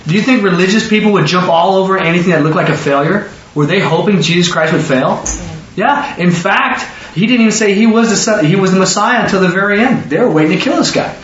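Man preaching a Bible study, high voice, quizzes the room, echoey dull recording from far off. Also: fairly bright tone. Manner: quizzes listeners with rapid questions. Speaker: Bible teacher. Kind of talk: interactive Bible study sermon.

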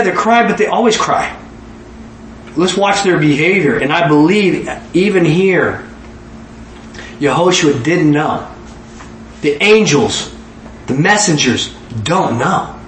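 A man preaching a sermon in an animated way, acting out dialogue in voices and laughing often. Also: a little high, slight background noise. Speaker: pastor. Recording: echoey room with faint ambience.

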